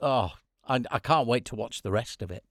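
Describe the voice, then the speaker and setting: A man's voice: mid-range voice, moderate pace, fairly bright tone, no echo, studio quality. A man co-presenting a radio show who chats, jokes and laughs easily. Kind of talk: casual chat on a radio show.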